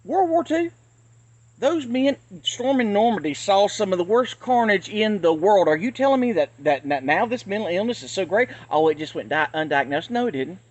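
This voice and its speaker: A man's voice: high voice, expressive, normal speed, darkish tone, dull audio. Blunt ranting man on a phone vlog. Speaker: channel host. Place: outdoors near traffic. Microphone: handheld phone.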